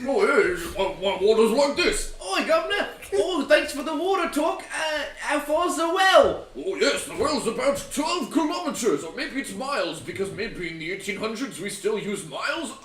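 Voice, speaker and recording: A man's voice: very high voice, very animated, moderate pace, fairly bright tone, reverberant, far from the mic, pitched above the performer's own voice, exaggerated voice. A man putting on a hammy mock British voice as a nineteenth-century surveyor, playing it for laughs. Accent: put-on British. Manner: exaggerated, hammy, laughing through it.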